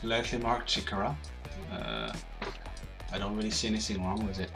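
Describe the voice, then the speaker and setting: Low-voiced man, music behind. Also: moderate pace. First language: French. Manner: relaxed, rates items as they unbox. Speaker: game channel host. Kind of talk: casual gameplay commentary. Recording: game music clearly audible underneath.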